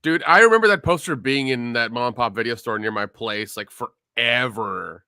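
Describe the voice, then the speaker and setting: A man co-hosting a casual podcast chat, excitable and reminiscing. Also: mid-range voice, moderate pace, clean tone, no room sound, clean studio sound. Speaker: podcast co-host.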